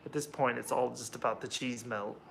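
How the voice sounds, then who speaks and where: A man's voice: mid-range voice, fairly even intonation, a little fast, gravelly, a bit bright, slight background noise. A young American man chatting casually on a livestream while cooking, rambling and greeting viewers by name. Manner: rambling, chatty, reads out chat names. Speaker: livestream host.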